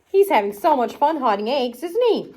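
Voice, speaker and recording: A woman's voice: high voice, very animated, normal speed, mellow. A woman hosting a children's arts and crafts show, reading a storybook aloud in a playful, sing-song way and talking to the kids directly.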